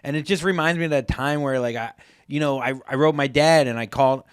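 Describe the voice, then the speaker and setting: Male co-host, mid-pitched, relaxed, pitches jokes, dry close mic. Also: quick pace, clear, resonant tone, dry recording. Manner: laid-back, pitches joke ideas. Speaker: podcast co-host. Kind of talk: casual chat.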